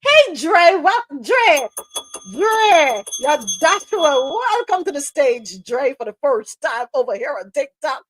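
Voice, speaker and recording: A woman hosting a live news chat stream, lively and teasing, calling listeners by name. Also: high-pitched, slow pace, dry recording. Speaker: host.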